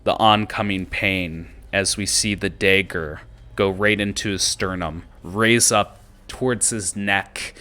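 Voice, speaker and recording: Male game master, low and bright-toned, relaxed narration with frequent pauses. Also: clear, resonant tone.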